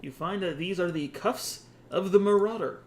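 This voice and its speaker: A man's voice: sits high, moderate pace, a little mellow. A man narrating a tabletop game as game master, casual and laughing with asides to the players.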